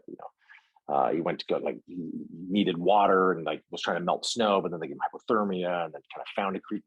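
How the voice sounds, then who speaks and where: A man's voice: sits low, slightly rough, dry recording, rough recording. A middle-aged man, an actor guest, telling stories in a casual interview with lots of fillers and restarts. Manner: rambling, many fillers and restarts.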